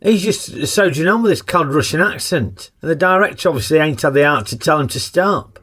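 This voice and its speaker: Cheeky film reviewer. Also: male voice, a little high, lively intonation, brisk, a bit bright, a little hiss or hum. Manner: cheeky, sarcastic, colloquial. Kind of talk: comic film review narration.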